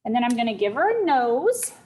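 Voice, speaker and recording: A woman's voice: a little high, big pitch swings, dark tone, poor audio. A teacher telling a young-children's story, checking in often with her listeners. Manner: slow, deliberate, checks in with listeners.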